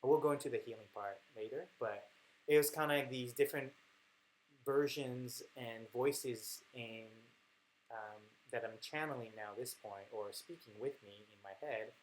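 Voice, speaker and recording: Man, mid pitch, candid halting reflective monologue, lots of fillers, light hiss on the track. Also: low-quality recording. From France. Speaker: host.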